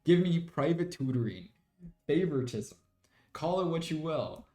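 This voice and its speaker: A man's voice: fairly high pitch, lively intonation, moderate pace, warm tone, echoey room. A young man streaming a game, chatting in a rambling way and slipping into mock British slang. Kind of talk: casual live-stream chat while gaming.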